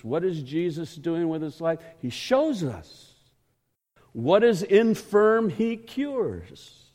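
A man preaching a sermon in a church, emphatic and measured, asking the congregation rhetorical questions. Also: on the high side, darkish tone. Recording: echoey hall.

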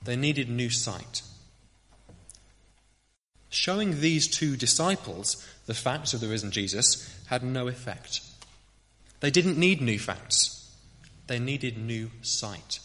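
A man's voice: medium pitch, slow, bright, forceful tone, in a large hall. A man preaching a sermon in a church, earnest and reflective, asking rhetorical questions.

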